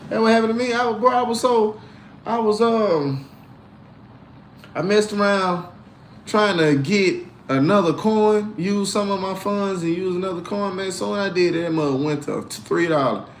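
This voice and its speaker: A man hosting a casual crypto livestream, animated and slangy, mixing faith talk with tips and reading out comments. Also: moderate pace, echoey room, slight background noise. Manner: animated, swinging from low grumbles to loud outbursts.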